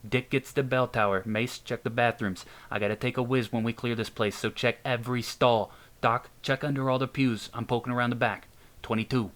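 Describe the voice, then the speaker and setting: A man voicing a gruff male sergeant who gives curt, bossy orders. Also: mid-range voice, steady tone, a little fast, a bit bright, close to an everyday voice. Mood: commanding.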